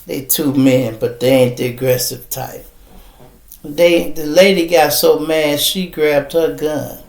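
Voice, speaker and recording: Man, podcast host, casual storytelling, profane, gravelly voice, echoey room. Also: fairly high pitch, slow pace. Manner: profane, animated street storytelling. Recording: roomy echo.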